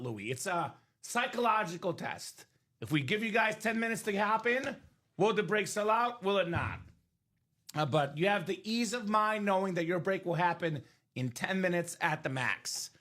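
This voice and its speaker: Guy hosting a card break stream, high voice, super animated. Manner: animated, explains rules to chat. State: coughing, losing his voice. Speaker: live card break host. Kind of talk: live stream sales chat.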